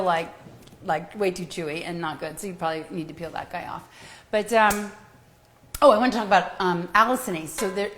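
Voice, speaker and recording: A woman's voice: mid-range voice, fairly bright tone, slight background noise. A woman co-hosting a live cooking show, chatting casually and explaining nutrition in an upbeat way. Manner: upbeat, quick asides and explanations. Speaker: co-host doctor explaining nutrition.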